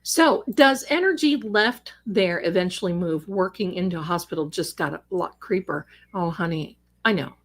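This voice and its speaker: A woman hosting a casual livestream from home, chatting with viewers at a desk microphone, rambling warmly and calling them darling and sister. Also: on the low side, lively intonation, normal speed, few pauses. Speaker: livestream host and psychic reader. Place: home, cat on her lap.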